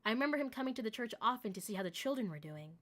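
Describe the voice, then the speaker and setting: A woman's voice: a little high, expressive, racing, a bit bright. A woman game streamer who jokes, laughs often and reads the story text aloud.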